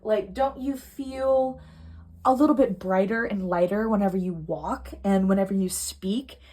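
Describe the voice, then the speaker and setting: A young adult woman giving a pick-a-card tarot reading at home, earnest and emotional, swinging from soft to heated. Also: mid-range voice, measured pace. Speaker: tarot reader. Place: home room.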